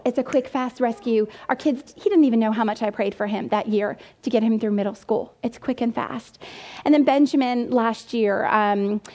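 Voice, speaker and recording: A middle-aged woman giving a lively storytelling talk to mothers, acting out quotes as she goes. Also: a little high. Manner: animated storyteller, acts out quotes, gasps and laughs. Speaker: speaker at a mothers' event.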